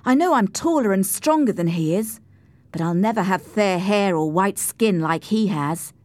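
A woman voicing a sullen, proud boy who is quick to anger, speaking stubbornly in a storybook reading. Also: mid-range voice, animated, darkish tone, no echo, close to an everyday voice. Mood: pleading. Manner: stubborn, raised voice.

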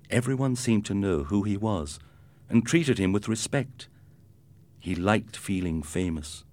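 A middle-aged man narrating a scripted story in a clear, steady way. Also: deep voice.

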